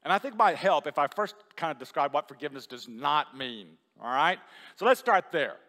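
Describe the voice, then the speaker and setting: A man's voice: on the high side, animated, brisk, sharp tone, in a large hall. A man preaching a sermon to a congregation, chatty and full of questions to the room. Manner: conversational, asks the congregation questions. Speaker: pastor. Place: church hall with a congregation.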